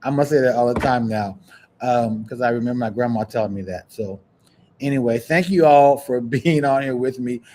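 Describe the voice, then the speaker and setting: A man hosting a podcast, chatting casually and preaching encouragement in a warm, churchy way. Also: mid-range voice, brisk, a little hiss or hum. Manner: warm, churchy, breaks into laughs and sing-song. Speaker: podcast host. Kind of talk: casual livestream chat, preachy sign-off.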